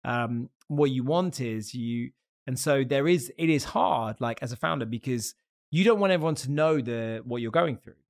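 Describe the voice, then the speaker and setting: A man's voice: mid-range voice, normal speed. Candid, swearing man hosting a podcast. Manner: candid and loose, swears, laughs often. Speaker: podcast host. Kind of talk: casual interview chat.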